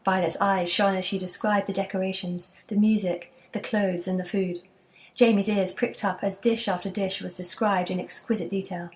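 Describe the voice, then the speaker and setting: A woman narrating a children's chapter book in a steady, gentle storytelling manner. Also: mid-range voice, normal speed. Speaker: audiobook narrator.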